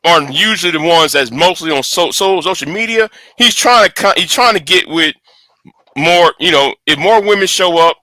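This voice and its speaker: Male host, high lively pitch, close dry sound, angry profane rant with many restarts. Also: moderate pace, dry recording. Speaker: channel host. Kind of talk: casual livestream rant.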